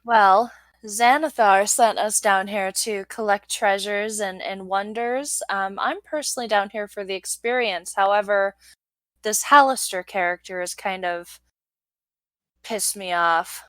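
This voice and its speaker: A woman speaks up at a tabletop game, blunt and wry in her casual talk. Her voice sits at a middle pitch. The sound is dry and close, with no room around it. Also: measured pace, fairly bright tone, dry recording, low-quality recording. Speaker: player.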